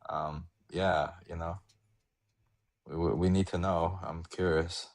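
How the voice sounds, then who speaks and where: A man's voice: sits low, fairly even intonation, slow pace. A man co-hosting a live stream, chatting casually and reading out comments from the chat.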